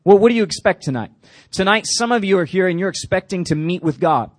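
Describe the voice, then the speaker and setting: Youth pastor, man, high voice, dry close mic, animated and playful with the crowd. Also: fast, no room sound. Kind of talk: youth sermon.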